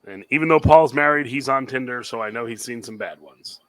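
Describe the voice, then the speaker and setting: A man's voice: mid-range voice, fairly quick, heavy background noise. A man hosting a comedy game show, laughing often and calling on each player by name.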